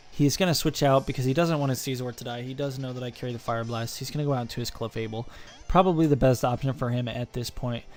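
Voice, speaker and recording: A man's voice: medium pitch, a little mellow. A young man narrating an online game battle in a joking, self-mocking play-by-play voice-over. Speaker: gaming channel host. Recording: faint music behind.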